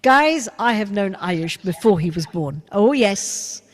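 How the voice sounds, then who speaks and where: A woman hosting an online show over a video call, chatting warmly and gushingly with a young guest. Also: medium pitch, lively intonation, takes it slowly, in a large hall. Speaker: host. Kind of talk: casual chat on a video call.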